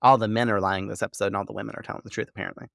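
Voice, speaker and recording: A man with a low, gravelly voice talks through a show recap as a podcast co-host. He rambles loosely, leans on "like" and swears freely. The sound is dry and close. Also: steady tone, racing, fairly bright tone, dry recording. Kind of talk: casual recap chat.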